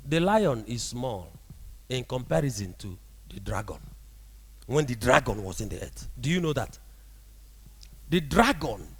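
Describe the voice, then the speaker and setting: A man preaching a sermon as a prophet, animated and often asking the congregation rhetorical questions. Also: on the high side, long reverb tail.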